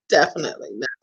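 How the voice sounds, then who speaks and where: A woman's voice: on the low side, slightly rough. A woman hosting a casual holiday chat over a video call, playful, laughing often and breaking into bits of song. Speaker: host.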